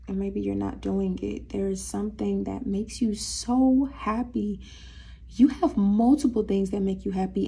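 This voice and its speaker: A woman's voice: mid-range voice, gravelly, warm tone. A young woman giving a casual tarot reading, talking straight to viewers in a sassy, teasing way. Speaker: tarot reader.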